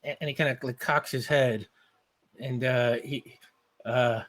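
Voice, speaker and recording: A man narrating a tabletop game as game master, halting and stacking repeated words and fillers. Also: mid-range voice, steady tone, a bit bright.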